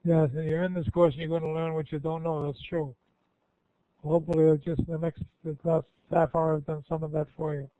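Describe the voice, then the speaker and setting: A man's voice: a little high, level tone, brisk, no echo. An older man giving an informal, rambling question-and-answer talk to students, folksy and often correcting himself. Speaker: guest speaker. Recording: tinny phone-like line.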